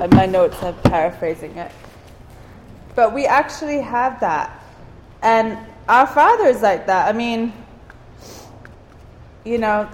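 A woman's voice: fairly high pitch, long reverb tail. A woman teaching the Bible to a small group in a room, chatty and often asking "okay?", laughing now and then at her own stories.

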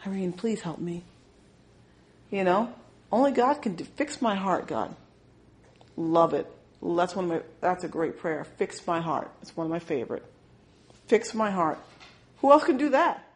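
A woman in casual faith talk, rambling and animated, telling stories with many restarts. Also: fairly low pitch, moderate pace, long pauses. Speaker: speaker sharing faith lessons.

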